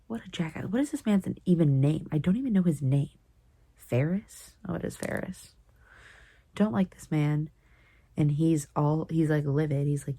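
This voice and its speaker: A woman's voice: deep voice, normal speed, creaky, warm tone, husky, no room sound. A young woman vlogging as she reads, reacting emotionally and often dropping into a whisper while she retells the plot loosely. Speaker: book vlogger. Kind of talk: casual reading-vlog commentary.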